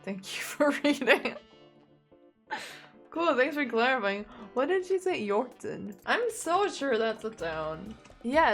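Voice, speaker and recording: A young woman with a fairly high voice reads fanfiction aloud and keeps stopping to make sarcastic, animated jokes. Her giggles run through her commentary, and faint music plays underneath. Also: measured pace. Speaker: content creator.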